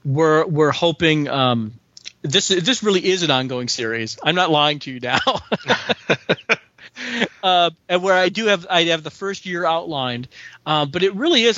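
A man's voice: on the high side, lively intonation, moderate pace, bright, forceful tone, no room sound. A man in his forties, a writer being interviewed, talking casually and enthusiastically with frequent restarts. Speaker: comic book writer guest. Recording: dry, slightly dull sound.

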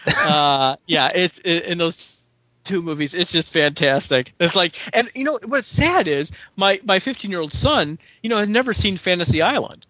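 A man's voice: high-pitched, lively intonation, moderate pace, pushed and bright, no echo. A man in his forties, a writer being interviewed, talking casually and enthusiastically with frequent restarts. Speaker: comic book writer guest. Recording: dry, slightly dull sound.

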